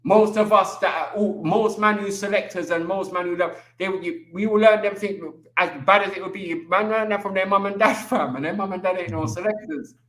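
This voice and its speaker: Animated man with street slang. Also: sits high, brisk, few pauses, reverberant, slight background noise. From England. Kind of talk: casual chat.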